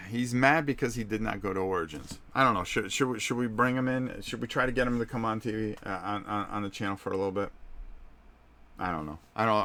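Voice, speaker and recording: A man's voice: lowish voice, creaky, fairly bright tone. A middle-aged man hosting a live stream, chatting casually and speaking directly to his viewers.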